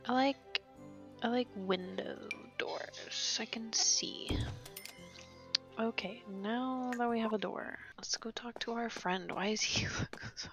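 Slow, whispery young woman gamer. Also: on the high side, a bit bright, soft background music. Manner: often whispers, amused and chatty. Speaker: gaming channel host. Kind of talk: casual let's-play commentary.

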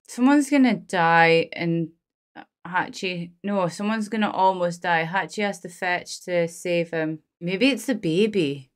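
A woman hosting a movie reaction, talking to the screen and getting emotional. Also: mid-range voice. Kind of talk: casual reaction commentary. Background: film soundtrack music.

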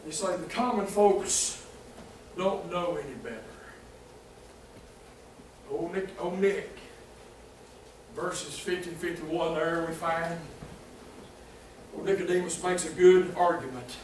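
A pastor preaching a sermon, folksy and emphatic, breaking into shouts. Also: male voice, on the high side, takes it slowly, long pauses. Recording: echoey church from a distance, faint hiss.

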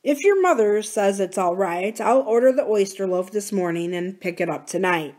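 A woman voicing a gentle, sad grown man, a kind uncle, in a storybook reading, quietly. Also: medium pitch, animated, normal speed, lightly acted. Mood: uneasy.

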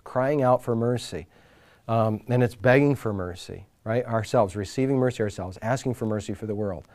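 A man giving a talk at a faith retreat, telling stories in an animated, informal way, shifting between loud and hushed and often restarting his sentences. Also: fairly low pitch, normal speed. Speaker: retreat speaker. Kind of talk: retreat talk to a live group.

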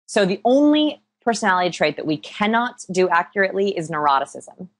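A very animated woman with a mid-range voice speaks briskly as a guest in a conversational interview, over slight background noise. She's a people-skills researcher, explaining with upbeat energy and humor at her own expense.

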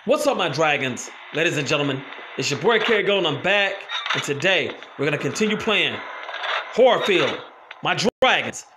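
A man hosting a horror game playthrough, commentating loudly, cursing and exclaiming as he plays. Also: on the high side, sing-song, normal speed. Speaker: gaming channel host.

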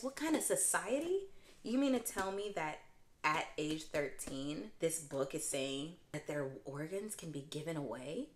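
A young woman with a low-pitched voice chats casually to her viewers as a book vlogger. She gushes and swings her pitch and volume dramatically when excited. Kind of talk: casual chat.

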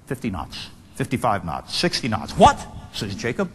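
A man's voice: high voice, big pitch swings, normal speed, slightly rough. A man giving a dramatic storytelling lecture to an audience, vividly acting out the voices he quotes. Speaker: speaker. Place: large hall before an audience. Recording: long hall reverb, faint room noise.

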